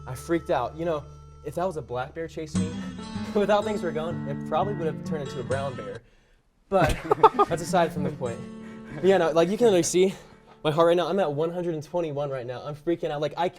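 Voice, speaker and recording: Young male panelist, excitable comic storyteller in mock panic, light higher pitch, music bed. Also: a little fast. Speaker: panelist telling a tall tale. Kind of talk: comedic storytelling.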